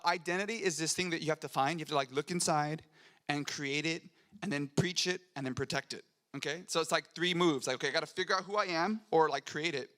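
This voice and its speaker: A man's voice: fairly high pitch, pushed and bright. A young adult man preaching a sermon in a church, conversational and earnest, rising to fervent emphasis. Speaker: pastor. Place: church sanctuary.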